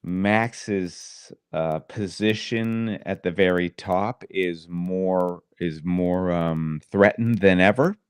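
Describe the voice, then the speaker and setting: Low-voiced teasing podcast co-host man. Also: slow, hardly any pauses, clear, resonant tone, no room sound. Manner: dry, teasing banter. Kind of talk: casual chat.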